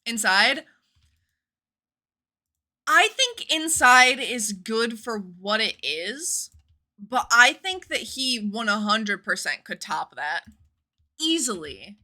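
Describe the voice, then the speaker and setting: A young woman in her twenties chats away while playing a game on stream. She rambles from one thought to the next and swears now and then. Her voice is very bright and bouncy, and her pitch swings widely. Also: very animated, slow, pauses often. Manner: chatty, rambling, swears casually. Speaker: livestreamer.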